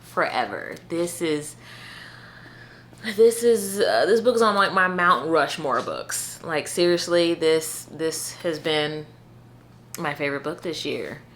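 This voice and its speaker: A woman with a low voice talks through her favorite reads in an easy, unhurried way. She fills her speech with "like" and "you know," sounding earnest and heartfelt about the books she loves. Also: lively intonation, a bit bright, slight background noise. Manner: chatty, full of "like" and "you know". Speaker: book reviewer. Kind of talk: casual book review chat.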